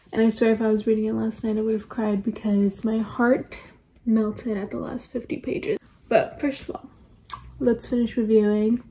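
Chatty woman with a mellow voice. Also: a little high, slight background noise, poor audio. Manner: chatty, gushing, full of "like" fillers. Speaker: book vlogger. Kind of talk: casual book review chat.

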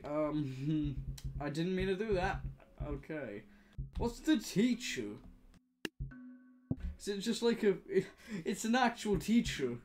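A young man giving excitable, casual commentary while playing a video game, often laughing and swearing. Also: on the high side. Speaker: gaming commentator. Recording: music playing behind.

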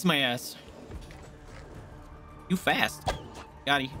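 Excitable swearing young male streamer. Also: mid-range voice, moderate pace, pauses often, faint music behind. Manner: excitable, swearing, panicky outbursts. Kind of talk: live gameplay commentary.

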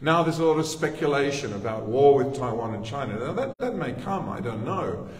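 A man's voice: mid-range voice, big pitch swings, fairly quick. A man with an Australian accent preaching a sermon in a conversational way, with asides to the congregation. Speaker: pastor. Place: church sanctuary. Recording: echoey church hall, distant mic.

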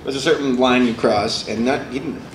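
At a convention podcast panel, a young man with a mid-range voice tells a story a little fast, animatedly acting out its characters. The panel room has a live audience, so the hall is echoey with audience noise.

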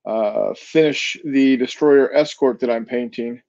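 A hesitant man telling a story with lots of pauses and uhs. His voice is mellow and dark, on a dry, dull, lo-fi recording. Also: medium pitch, creaky, no room sound. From Kansas City area. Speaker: co-host. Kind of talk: casual chat.

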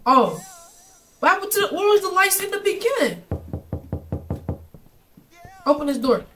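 A young gamer commentating a horror game, bursting into loud panicked screams between jokey banter. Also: extremely high pitch, lively intonation, normal speed, pauses often, background noise.

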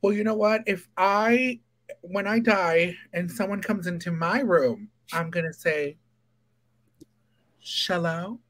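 Show host, casual, gasping listener, unhurried delivery. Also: mid-range voice, a bit bright. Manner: reacts with gasps and short exclamations. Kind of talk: casual chat, reacting to a guest.

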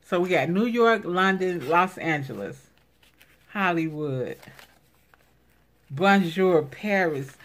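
Gushing woman with a lively, unhurried voice. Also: fairly low pitch. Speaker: crafting vlogger. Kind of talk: casual unboxing chat.

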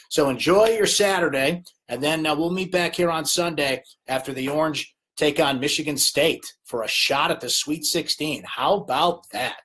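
A man's voice: a little high, normal speed, few pauses, a bit bright, slightly rough. A middle-aged man hosting a live late-night sports chat, ranting in exasperation at TV commentators, then wrapping up the show.

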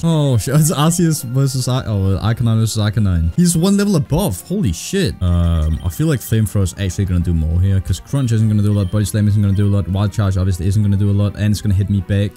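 A young man giving casual, excitable gameplay commentary, swearing often and ranting in frustration. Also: on the low side. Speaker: gaming streamer.

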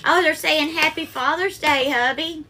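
A woman's voice: high voice, moderate pace, pushed and bright. A woman with a Southern accent hosting a live cooking stream from her home kitchen, chatting affectionately with viewers and calling them darling. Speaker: cooking livestream host.

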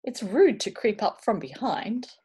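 A woman's voice: mid-range voice, sing-song, measured pace, darkish tone, husky, exaggerated voice. A woman voicing a prim, huffy male dragon in a storybook reading. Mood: indignant.

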